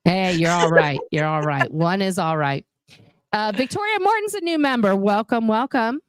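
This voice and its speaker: A woman's voice: medium pitch, lively intonation, moderate pace, no room sound. Forties woman hosting a livestream, casual and chatty, dry close mic. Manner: chatty, reads viewer comments aloud, swears casually. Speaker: host. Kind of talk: casual livestream chat reading comments.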